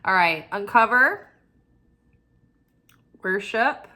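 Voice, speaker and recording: A woman's voice: medium pitch, expressive, drawn-out words, bright, forceful tone. A tired woman hosting a weekly oracle forecast, chatting casually and mocking herself, with many "like"s. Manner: chatty and self-mocking, lots of "like". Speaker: spiritual oracle reader. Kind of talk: casual chat.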